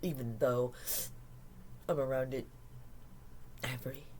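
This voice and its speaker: A woman's voice: extremely low pitch, steady tone, takes it slowly, background noise. A woman in her fifties, tearful, talking in a raw, emotional, confessional vlog and swearing freely. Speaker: spiritual channeler and vlogger.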